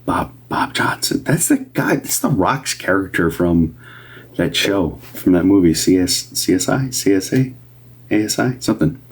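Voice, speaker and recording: A man's voice: low voice, sing-song, moderate pace, breathy edge. A man doing live medium readings on a stream, talking casually and rambling with many fillers and restarts. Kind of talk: casual livestream talk.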